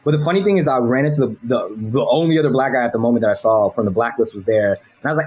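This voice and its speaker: A man from Los Angeles talks as an interview guest, his voice husky and a little breathy. He rambles loosely through his answers, swearing casually and laughing along the way. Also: mid-range voice, rapid-fire, few pauses, a little mellow, low-quality recording. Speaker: guest, animation director.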